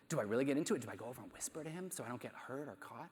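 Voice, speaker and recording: A man's voice: medium pitch, animated, very fast, darkish tone. Man telling stories in an echoey hall. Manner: conversational, rhetorical questions, self-deprecating asides. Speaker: math teacher giving a conference plenary talk. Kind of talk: storytelling conference talk. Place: conference hall.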